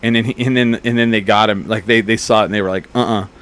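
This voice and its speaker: A man in his thirties with a fairly low voice hosts a casual chat. He tells profane, animated stories and acts out the people in them. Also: rapid-fire, clean tone. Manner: profane, animated storyteller acting out bar fights. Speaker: podcast host.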